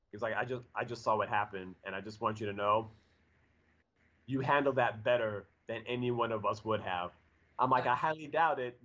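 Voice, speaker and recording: Chatting casually, a forties-aged man tells a meandering story, stumbling through fillers and false starts. His voice sits at medium pitch with a slightly bright quality, captured in dull, lo-fi sound.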